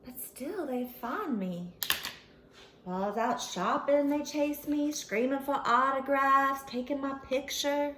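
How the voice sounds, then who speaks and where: A woman telling a children's story in an animated way, speaking as the character in the first person. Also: sits high, measured pace. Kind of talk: expressive read-aloud storytelling. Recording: echoey room.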